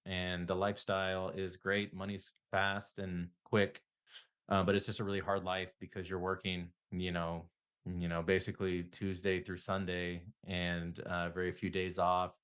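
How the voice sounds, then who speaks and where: Low-voiced man telling stories. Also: monotone, moderate pace, a bit bright. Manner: rambling, self-deprecating, laughs at own stories. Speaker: guest psychotherapist. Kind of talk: casual interview storytelling.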